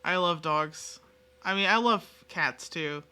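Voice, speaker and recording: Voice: mid-range voice, takes it slowly, sharp tone, clear, resonant tone. A game streamer in a casual live-stream chat with viewers, rambling and self-mocking, giggling often and swearing freely.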